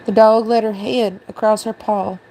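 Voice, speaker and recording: A woman host reading a storybook aloud in a steady, even narration. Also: medium pitch, moderate pace, a little hiss or hum, poor audio.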